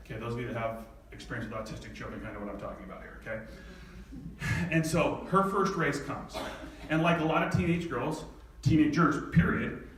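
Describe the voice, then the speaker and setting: A man telling a personal story to an audience in an animated way, laughing often. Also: mid-range voice, a little hiss or hum. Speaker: speaker. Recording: echoey hall from far off, faint ambience.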